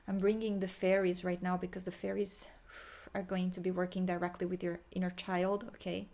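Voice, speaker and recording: A woman guiding a healing meditation, talking slowly and softly with sighs, sometimes chanting in an invented language. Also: lowish voice, completely flat delivery, a little hiss or hum. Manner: slow, soft, sighing, breaks into chanted light language. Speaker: spiritual healer.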